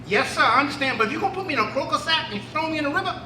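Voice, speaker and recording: A man's voice: very high-pitched, animated, racing, slight background noise, exaggerated voice. A man voicing a sly, clever enslaved man who sells fortunes, calling out his wares and answering politely, heard from a distance in an echoey room. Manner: calling out loud sales cries, sly and polite.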